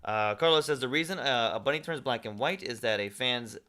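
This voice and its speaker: A man's voice: medium pitch, lively intonation, a little fast, bright, forceful tone. A man hosting a casual gaming livestream, reading viewer chat messages aloud and chatting back. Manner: reads viewer chat aloud and replies conversationally. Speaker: livestream host.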